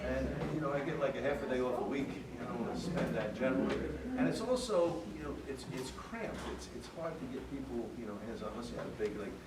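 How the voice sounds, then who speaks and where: A man's voice: mid-range voice, lively intonation, fast, hardly any pauses, very noisy. A man, a chef, telling wry, joking stories to an audience in a large hall. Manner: wry, joking anecdote teller. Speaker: chef giving a lecture. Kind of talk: storytelling talk to an audience. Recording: echoey hall from far off with crowd.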